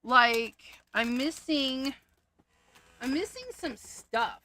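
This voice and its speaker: A woman's voice: on the high side, slow pace, pushed and bright. A woman hosting a casual crafting livestream, chatting and giggling as she sorts through her stamps. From Canada. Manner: chatty, giggly, thinks aloud.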